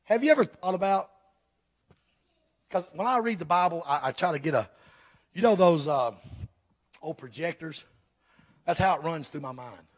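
High-voiced preacher, fervent. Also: male voice, animated, normal speed, long pauses. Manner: fervent, emphatic preaching with direct questions to the congregation. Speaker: pastor. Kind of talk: sermon. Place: church before a congregation.

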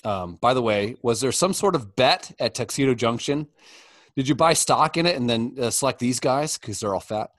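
A man's voice: medium pitch, expressive, moderate pace, a bit bright, no echo. A middle-aged man chatting casually and crudely with friends, rambling through stories and reading a roast speech aloud.

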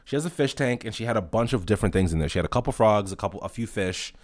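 Lively low-voiced male podcast host. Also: racing, no echo. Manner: animated, profane storytelling; acts out dialogue in anecdotes. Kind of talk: casual solo podcast chat.

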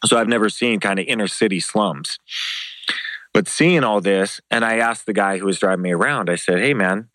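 Man, lowish voice, casual swearing storyteller, mimics others in jumpy pitches, dry close mic. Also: moderate pace, no echo. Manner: animated, acts out quoted dialogue with pitch jumps. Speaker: interview guest, former MMA show host.

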